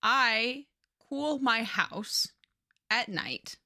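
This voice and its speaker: A woman co-hosting a podcast, recapping a book in casual, profane, animated chat. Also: a little high, very slow, no echo, studio quality. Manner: chatty, profane, animated storyteller. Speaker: podcast co-host.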